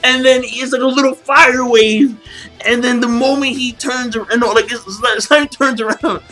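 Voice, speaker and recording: A young man with a high, bright voice rants excitedly through a casual video review, piling on curses and slang. Faint music plays beneath his talk. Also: normal speed, poor audio. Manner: hyped, profane, slangy fanboy gushing. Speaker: manga chapter reviewer.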